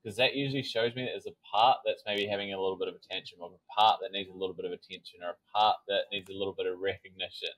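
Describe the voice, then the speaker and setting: A man's voice: deep voice, steady tone, racing, hardly any pauses, fairly bright tone, rough recording. A man, a sobriety coach, telling a personal story in a casual podcast interview, acting out his inner dialogue and swearing casually.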